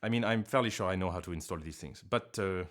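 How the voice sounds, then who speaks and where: Speaking fast in a low voice, a man rambles casually on a live stream from his living room. He jokes at himself and occasionally erupts into sudden loud outbursts.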